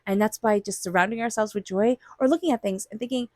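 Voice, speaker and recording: Tarot reader, a woman, mid-pitched voice and a chatty delivery, dry close recording. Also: fast, dry recording. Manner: chatty, acts out quoted thoughts. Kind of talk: weekly tarot reading.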